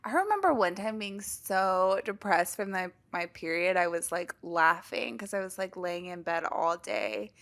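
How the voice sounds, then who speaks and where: Young woman, podcast co-host, casual and candid, gravelly fry in her voice, laughs easily. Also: on the low side, expressive, a bit bright. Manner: candid, laughs often, drawn-out "like" fillers. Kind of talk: casual chat.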